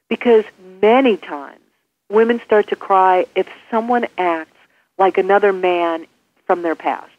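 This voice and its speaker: Woman coach on a tinny phone line. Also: medium pitch. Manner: animated, acts out example phrases. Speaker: executive coach and author, interview guest. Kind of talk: phone interview answers.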